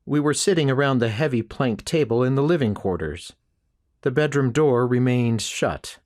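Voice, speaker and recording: Guy reading an audiobook, steady and measured, mid-pitched voice. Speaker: audiobook narrator. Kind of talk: first-person audiobook narration.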